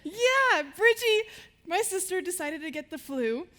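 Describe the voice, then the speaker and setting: A teenage girl speaks to a live audience from a stage in a high voice. Her tone is bright and lively, and she tells her stories in a bubbly way, laughing now and then. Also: unhurried. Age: teens. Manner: bubbly storytelling, laughs between lines.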